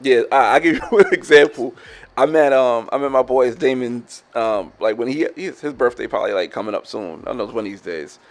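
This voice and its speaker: A man, chatting casually on a podcast. He tells stories in a lively way and jumps his voice up to act out the people he quotes. His voice sits at an ordinary middle pitch. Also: fairly quick. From New York, Long Island. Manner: animated, acts out quoted dialogue with big pitch jumps. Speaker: podcast co-host. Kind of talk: casual storytelling chat.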